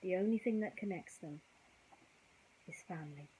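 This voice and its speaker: A woman reading a bedtime story aloud, gentle and chatty, with casual asides to young listeners. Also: lowish voice, normal speed, breathy edge, rough recording.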